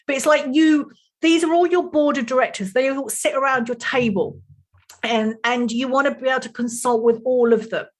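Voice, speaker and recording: A woman's voice: high voice, steady tone, normal speed. A middle-aged woman coach talking bluntly and animatedly in a casual interview, swearing freely. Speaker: life and sex coach.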